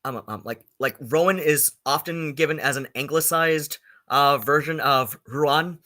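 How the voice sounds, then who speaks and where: Guy streaming a rant, bright edgy voice, um like um like, sarcastic and fed up. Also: on the high side. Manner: filler-heavy, halting, with many ums and likes; sarcastic and exasperated. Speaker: live-stream commentator. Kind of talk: rambling commentary.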